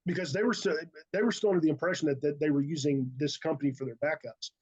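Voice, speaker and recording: A man on a call, talking eagerly and haltingly, often repeating words as he tells his story. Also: on the high side, slightly rough, lo-fi sound. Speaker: call participant, IT business owner. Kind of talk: casual conversation.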